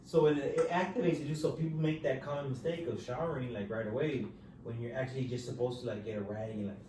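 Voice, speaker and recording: A man's voice: mid-range voice, fairly even intonation, fast talker, dark tone. A male podcast host in casual chat, laid-back and profane, tacking "dude" onto nearly every phrase. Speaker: podcast host telling prison stories. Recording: roomy echo, voice far from the mic, faint ambient hiss.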